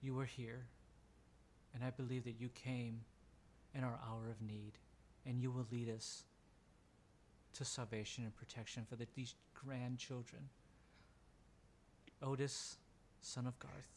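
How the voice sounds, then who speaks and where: A man voicing a gentle elderly female matriarch of a cave people, speaking softly and solemnly in a tabletop game. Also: medium pitch, little pitch movement, unhurried, pauses often, a little hiss or hum, close to an everyday voice. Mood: reverent.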